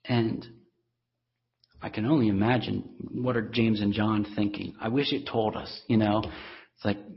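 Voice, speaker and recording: A man's voice: fairly low pitch, flat delivery, normal speed. A man preaching a sermon as pastor, earnest and emphatic, repeating words for stress. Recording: dull lo-fi recording.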